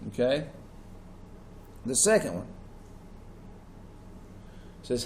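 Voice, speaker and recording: A man's voice: a little high, expressive, slow, pauses often. Man teaching in an echoey classroom. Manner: questions the class, stresses key words. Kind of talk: classroom lecture. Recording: echoey classroom with faint noise.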